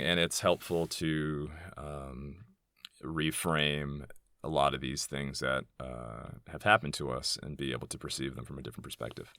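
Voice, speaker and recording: A man's voice: rumbling low, fairly even intonation, normal speed, creaky, sharp tone, no echo, studio quality. A man in his thirties hosting a solo podcast, talking candidly and rambling, profane and heated when indignant. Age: 30s. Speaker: podcast host.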